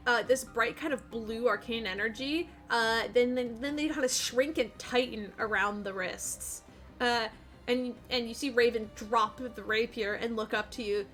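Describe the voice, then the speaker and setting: A woman's voice: a little high, measured pace, fairly bright tone, soft background music. A woman running a tabletop game as game master, narrating loosely with many fillers. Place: home streaming setup. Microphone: streaming mic.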